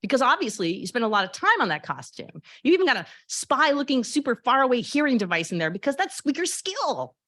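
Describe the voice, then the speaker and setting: A woman's voice: sits high, big pitch swings, brisk, few pauses, fairly bright tone, no room sound, pitched above the performer's own voice, full character voice. A woman voicing an anxious, grieving thirteen-year-old girl cosplayer, eager and confiding, in a dry room. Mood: troubled.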